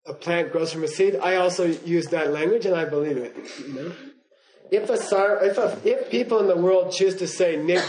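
Older man, class lecturer, rambling and chuckling, a touch high-pitched. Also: poor audio. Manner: digressive storytelling, frequent "okay?" and "you know?" check-ins; chuckles while telling stories. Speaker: teacher. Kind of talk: lecture to students.

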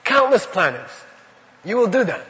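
Here a Buddhist teacher speaks at a moderate pace in a high, sharp-toned and very animated voice. His spiritual talk is casual and wandering, full of "you know" and anecdotes he laughs through, and the reverberant hall leaves the recording sounding dull and lo-fi.

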